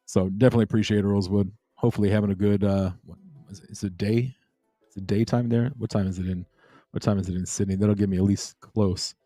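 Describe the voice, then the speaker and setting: Man, crypto stream host, casual rambling chat, warm mellow tone, lowish voice. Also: steady tone, quick pace, no room sound, clean studio sound, soft background music. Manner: rambling, laid-back, greets chat viewers. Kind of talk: casual late-night livestream chat.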